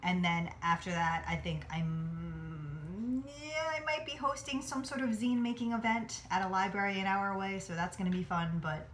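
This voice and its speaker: A woman's voice: mid-range voice, fairly even intonation, normal speed, few pauses, slight background noise. A young woman from New Jersey chatting casually in a home vlog while cooking, rambling and self-deprecating with lots of "like". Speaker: vlogger. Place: home kitchen near a highway.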